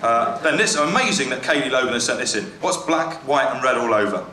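A man doing live stand-up comedy, reading out jokes in a wry, halting way with lots of fillers and self-corrections. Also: mid-range voice, expressive. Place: comedy venue with a live audience. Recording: echoey venue with loud crowd. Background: audience laughter and cheering.

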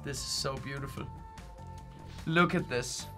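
Male game streamer with an Irish-tinged accent, high-pitched, excitable, prone to chanting. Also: moderate pace, faint music behind. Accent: Irish-tinged English. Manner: excitable, bursts into loud cheers and chants. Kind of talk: gaming livestream chat.

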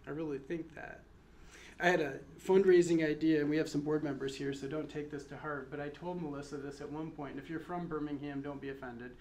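A man's voice: a little high, fairly even intonation, brisk, a little mellow. A man from Michigan giving a memorial sermon and prayer as pastor, earnest and conversational, with friendly asides. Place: chapel. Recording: echoey chapel with faint noise.

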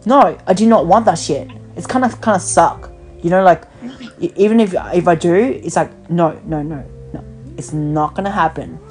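A woman's voice: on the low side, moderate pace, darkish tone, soft background music. A woman hosting a podcast, talking in a rambling, blunt casual chat over the phone and swearing freely. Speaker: podcast host.

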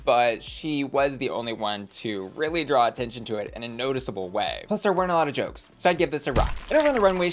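Man, vlog host, animated campy commentary, lively melodic voice. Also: medium pitch. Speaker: host reviewing a reality competition episode.

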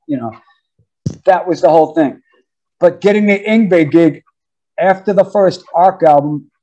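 Male guest in his 50s from New York; high-ish, mellow voice, loose anecdotal delivery. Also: low-quality recording. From New York, USA. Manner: animated, laughing, slangy. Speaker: drummer, interview guest. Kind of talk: casual storytelling interview.

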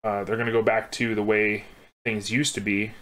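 A man's voice: on the low side, flat delivery, moderate pace, a bit bright. Young man chatting while drawing. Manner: rambling, laughing, swears casually. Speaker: podcast co-host. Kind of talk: casual chat while drawing.

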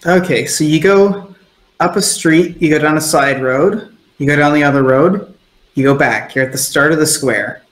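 A man's voice: on the high side, normal speed, a bit bright. A man narrating a tabletop role-playing game as game master, in a loose, descriptive storytelling way. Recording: echoey room.

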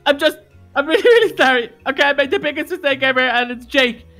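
A woman's voice: high-pitched, animated, quick pace, fairly bright tone, soft background music. A woman acting as a frantic wolf dad. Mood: nervous. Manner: frantic, yelps and laughs in fright. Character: flustered male wolf dad, panicky and dramatic. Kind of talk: Minecraft role-play acting.

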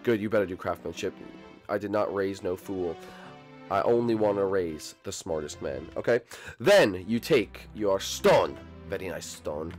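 A man hosting a building game video, teasing his friends playfully, with sudden jumps in pitch and loudness. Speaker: gaming channel host. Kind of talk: casual gameplay commentary.

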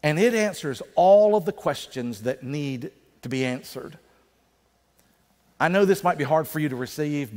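A male pastor preaching a sermon in a conversational way, slowing down for emphasis. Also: medium pitch, a little mellow. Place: church sanctuary. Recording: reverberant church sanctuary.

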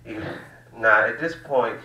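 A man's voice: mid-range voice, measured pace, pushed and bright. A man from the American South, doing a loose, profane stand-up set in a small cafe room. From Southern United States. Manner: loose, profane, drawling storytelling. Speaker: stand-up comedian. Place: small cafe room used as comedy venue. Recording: roomy room, distant mic, faint hiss.

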